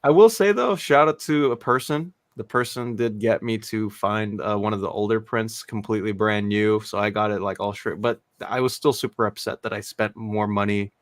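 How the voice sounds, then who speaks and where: A man's voice: on the low side, normal speed, few pauses, no echo, clean studio sound. A man as a guest in a casual chat, talking eagerly and rambling with fillers.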